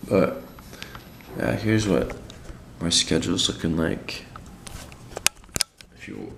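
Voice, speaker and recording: Young missionary man, low and gravelly, casual slangy video diary, roomy echo. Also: lively intonation, takes it slowly, a little hiss or hum. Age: young adult. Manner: laid-back and slangy, many fillers.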